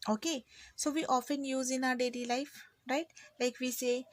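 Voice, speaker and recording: A woman's voice: sits high, steady tone, moderate pace, slight background noise. A woman with an Indian English accent teaching an online physics class in a chatty way, acting out her students' lines.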